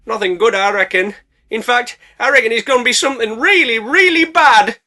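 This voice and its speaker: Sarcastic man, bright voice. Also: sits high, fast talker. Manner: sarcastic, jokey, slangy. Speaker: movie reviewer. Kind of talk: comedic movie recap narration.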